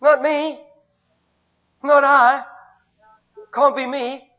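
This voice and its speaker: Man doing a nervous, pleading elder who makes excuses, high voice, lo-fi sound. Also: little pitch movement, extremely slow, full character voice. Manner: pleading, anxious. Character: reluctant, self-doubting older man pleading with God. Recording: dull lo-fi recording.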